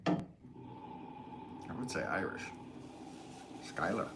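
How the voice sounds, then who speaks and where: A man talks loosely to his live-stream viewers from a pottery studio, wandering between thoughts and joking at his own expense. His voice sits on the low side. A steady layer of background noise runs under everything. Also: slow. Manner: rambling, self-deprecating, chuckling. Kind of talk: casual live-stream chat.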